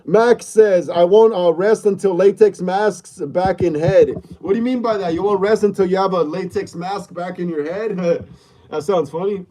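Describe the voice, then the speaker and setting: A man's voice: high-pitched, normal speed, hardly any pauses, mellow, slight background noise. A man hosting a casual livestream from a room at home, greeting viewers over and over and reading chat aloud. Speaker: livestream host. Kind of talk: casual live-stream chat. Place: room at home, mid-move.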